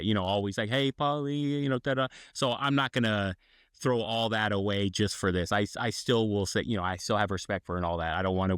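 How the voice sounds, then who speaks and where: A man's voice: on the low side, fairly bright tone, dry recording. Rambling male podcast storyteller, dry sound. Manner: rambling storyteller, acts out quotes. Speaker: podcast co-host. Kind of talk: casual chat.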